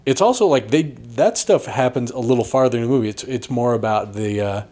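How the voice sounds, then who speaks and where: A man co-hosting a podcast, chatting casually about movies in a rambling way, with lots of restarts. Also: brisk. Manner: rambling, restarts often, animated pitch swings. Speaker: podcast co-host reviewing movies. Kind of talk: casual chat.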